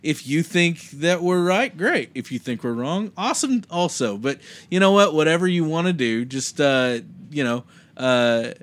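A young man co-hosting a podcast who gets excited and jokes around. His pitch sits a little high and swings a lot as he talks, and laughter breaks in often. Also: moderate pace. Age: young adult. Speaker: podcast co-host. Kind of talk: casual chat.

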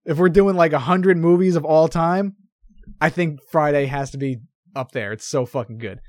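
High-pitched young dude on a movie podcast, cusses a lot, joking, dead dry mic. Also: male voice, normal speed, no room sound. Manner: blunt, profane, jokey. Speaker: podcast co-host. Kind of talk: casual movie review chat.

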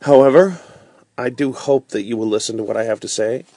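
Storybook figure: a self-loathing, devoted young man, voiced by a male reader; slow and heavy, dry close sound. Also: medium pitch, mellow, no echo, natural voice. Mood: sorrowful.

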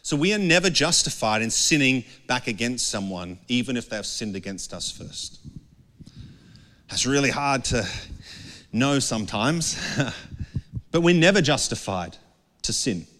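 A man's voice: mid-range voice, big pitch swings, a little slow, pauses often, a bit bright. A man giving an earnest, conversational sermon as pastor, often acting out the voices of people he quotes. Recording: long hall reverb.

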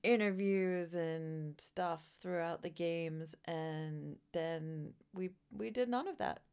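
A woman's voice: on the low side, slow, darkish tone, clear, resonant tone. A woman co-hosting a casual podcast chat, teasing and joking with playful questions. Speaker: podcast co-host.

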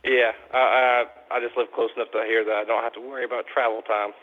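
A polite maintenance worker picking up a call at a rest stop, patient and formal, with sir in nearly every answer. His voice has a middle pitch and comes through a thin, phone-like line. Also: flat delivery, fast. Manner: polite, calls the caller sir.

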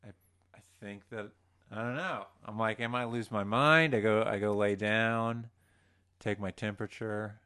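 Low-voiced man, hesitant and rambling. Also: fairly even intonation, measured pace, sharp tone, smooth. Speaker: podcast guest. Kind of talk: casual chat.

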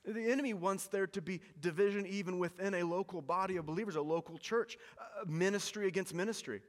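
Pastor guy preaching, pleads and repeats himself, voice a bit high, big echoey church hall. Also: fast. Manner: earnest, pleading, repeats words when emphasizing. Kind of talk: sermon.

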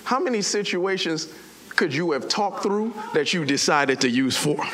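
A man's voice: fairly high pitch, expressive, normal speed, background noise. A man preaching a sermon as a pastor, telling the story animatedly in casual slang and acting out voices.

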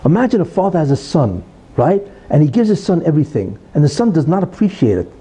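Husky, dark-voiced man teaching Talmud. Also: fairly high pitch, fast, poor audio. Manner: animated, questioning, explains with stories. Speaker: religious teacher. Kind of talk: Talmud lesson.

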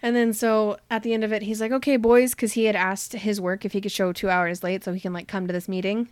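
Animated woman recapping a book, dry sound. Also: mid-range voice, no echo. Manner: animated retelling with quick voiced quotes and laughs. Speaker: podcast host recapping a book. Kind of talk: casual chat.

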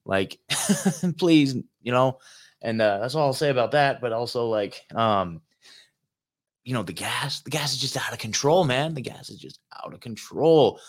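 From a hotel room, a show host delivers a rambling road-trip tale heavy on filler words and profanity. His mid-range voice is animated, and his pace is moderate.

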